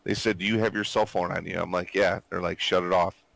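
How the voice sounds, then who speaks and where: A man's voice: sits low, little pitch movement, brisk, gravelly, fairly bright tone, dry recording. A man in his forties telling a profane story in casual chat, swearing constantly and acting out quotes while still sick. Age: 40s. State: recovering from illness, coughing. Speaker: gamer chatting with squadmates.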